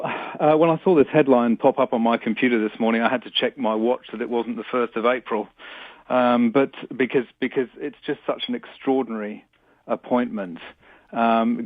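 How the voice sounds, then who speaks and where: Measured man on a tinny phone line. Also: mid-range voice, no room sound. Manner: measured, repeats words as he restarts. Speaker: phone-in guest, climate sceptic blogger. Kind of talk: radio interview over the phone.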